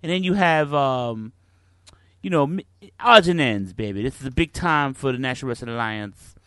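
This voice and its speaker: A man hosting a casual podcast, animated and a little profane as he sets up old clips. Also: medium pitch, moderate pace, smooth, dry recording, clean studio sound. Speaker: podcast host. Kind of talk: casual chat.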